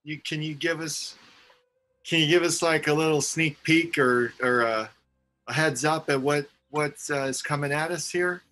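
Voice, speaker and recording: A man's voice: fairly high pitch, normal speed, pushed and bright, slight background noise. A man playing a tabletop game character, prodding and pushy in character. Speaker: player. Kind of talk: tabletop game role-play.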